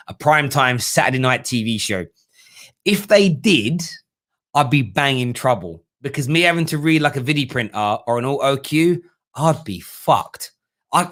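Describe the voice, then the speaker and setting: A man hosting a casual live football stream, slangy and chatty with quick restarts. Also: on the high side, fairly bright tone. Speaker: host.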